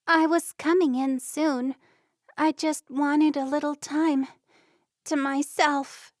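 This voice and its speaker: An insecure, lovesick young woman from a storybook, voiced by a female narrator. Her lines come out soft and halting, a little higher than the narration, in a close, dry sound. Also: fairly even intonation, no room sound, lightly acted. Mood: tearful.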